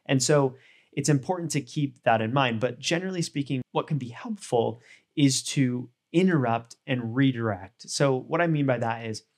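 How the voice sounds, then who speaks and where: A man explaining dog training in a relaxed, conversational way, often adding "you know" and "right?" as he works through everyday examples. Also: mid-range voice, moderate pace. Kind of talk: casual instructional talk.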